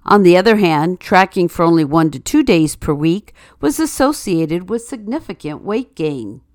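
A woman's voice: on the low side, animated, moderate pace, darkish tone, no echo. A woman host reading news items and a string of jokes with a dry, wry delivery. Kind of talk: read-aloud segment with news, quotes and jokes.

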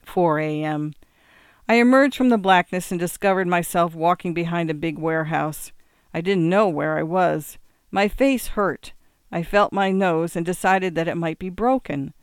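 A man's voice: sits high, moderate pace, smooth, no echo, clean studio sound. A man reading a first-person story aloud in a wry, plain-spoken way. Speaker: audiobook reader.

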